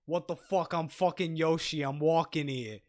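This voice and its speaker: A man voicing a foul-mouthed Yoshi, a green dinosaur that grew up on tough Brooklyn streets, in a loud, swaggering voice. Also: a little high, moderate pace, close to an everyday voice. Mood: brash.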